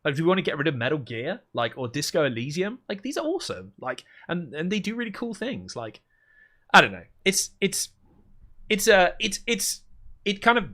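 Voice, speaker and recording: A man hosting a casual livestream, talking in a dry, deadpan way and rambling as he thinks aloud. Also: medium pitch. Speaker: livestream host.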